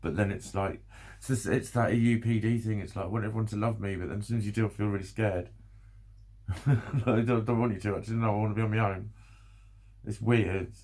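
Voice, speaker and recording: Man, vlogger, exhausted, low gravelly voice, rambling and self-deprecating. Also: steady tone, fast, a little mellow. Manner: rambling, swearing, self-deprecating, frequent nervous laughs. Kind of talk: emotional personal vlog.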